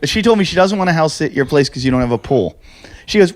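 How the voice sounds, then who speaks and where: A man co-hosting a podcast, chatting crudely and mimicking others when retelling conversations. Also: fast. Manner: animated, mimics others in higher voices. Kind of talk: crude casual chat.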